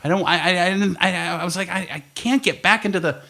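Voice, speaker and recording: A man's voice: high voice, fast, vocal fry, sharp tone. Rambling, swearing male podcast host. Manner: rambling storytelling, swears, laughs often. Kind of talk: casual chat. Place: recording studio.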